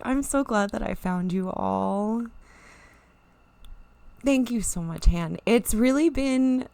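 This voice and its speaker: A woman's voice: mid-range voice, gravelly, dry recording. A woman streamer chatting casually and emotionally to viewers, rambling and near tears. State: teary, near crying. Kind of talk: casual live-stream chat.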